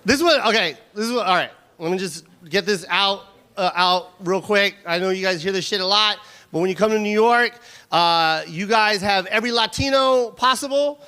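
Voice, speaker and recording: Bright, high-voiced man doing stand-up. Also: normal speed, clear, resonant tone. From Los Angeles, USA. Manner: animated, stumbling restarts, laughs at own jokes. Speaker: stand-up comedian. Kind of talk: stand-up comedy set.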